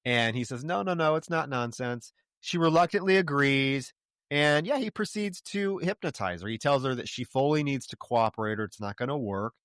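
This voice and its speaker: A man's voice: medium pitch, animated, normal speed, fairly bright tone, dry recording, clean studio sound. A man co-hosting a podcast, recapping a horror film in casual, profane chat and acting out bits of dialogue. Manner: profane, retells scenes with quoted dialogue. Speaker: podcast co-host.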